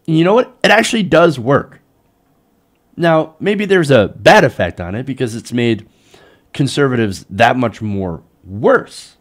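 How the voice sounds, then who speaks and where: A male host delivers a heated political rant, his pitch leaping up and dropping low as he works himself up. He sounds exasperated and mocking, as if fed up with what he is talking about. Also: normal speed. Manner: animated, exasperated ranting with mocking quoted voices. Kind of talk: political commentary show.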